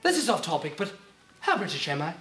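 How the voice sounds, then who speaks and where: A man's voice: a little high, wildly swooping pitch, fast talker, bright, forceful tone, full character voice. A man playing a vain, pompous male spy chief in an amateur comedy sketch, with a put-on posh British manner. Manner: pompous, fussy, put-on British upper-class voice.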